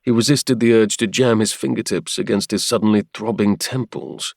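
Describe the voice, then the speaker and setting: Guy reading a romance audiobook, lowish voice, super dry close sound, steady pace. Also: normal speed, gravelly, no room sound. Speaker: audiobook narrator. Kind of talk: scripted narration.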